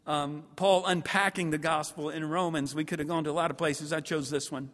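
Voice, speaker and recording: A man preaching a sermon at a seminary, animated and emphatic, acting out his listeners' thoughts and swinging between loud and quiet. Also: fairly high pitch, a little fast. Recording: long hall reverb.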